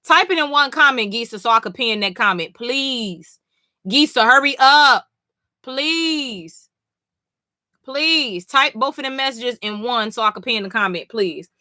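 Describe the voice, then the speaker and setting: A woman's voice: fairly high pitch, expressive, normal speed, few pauses, sharp tone, no echo, clean studio sound. A woman reading comics live on stream, reacting emphatically, swearing and talking straight to her chat.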